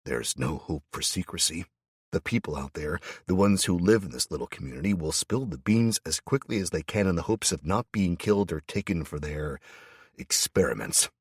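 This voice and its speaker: A man's voice: sits low, husky, no echo, studio quality. A middle-aged man narrating an audiobook in first person with tense, dramatic storytelling.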